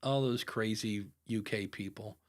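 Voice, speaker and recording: A man from the United States co-hosting a podcast in casual chat, animated and jokey, rambling with fillers. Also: lowish voice, measured pace. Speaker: podcast host.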